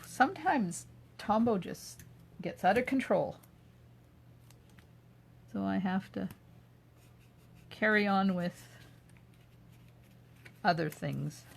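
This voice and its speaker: An older woman's gravelly, fry-tinged voice, pitched a little low, hosting a live craft demo from her home craft room. She talks at an unhurried pace, narrating each step of her work and casually answering viewers' comments as they come in. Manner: chatty, answers viewer comments while working. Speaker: craft video host.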